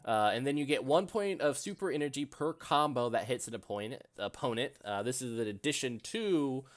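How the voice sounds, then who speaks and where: A man's voice: mid-range voice, lively intonation, a little fast. A man running a tabletop game as its game master, talking through rules and scenes at an easy, rambling pace. He speaks in loose sentences that are full of fillers and restarts.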